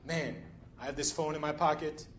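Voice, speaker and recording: A man's voice: fairly high pitch, fairly even intonation, moderate pace, dull audio, slight background noise. A man preaching a sermon in a conversational way, often checking in with the congregation. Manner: conversational, frequent "right?" and "you know".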